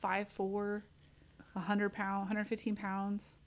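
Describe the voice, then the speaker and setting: A woman's voice: medium pitch, monotone, slow. Chatty woman radio host. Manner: chatty, rambling, self-correcting. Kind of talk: casual studio chat. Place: radio studio.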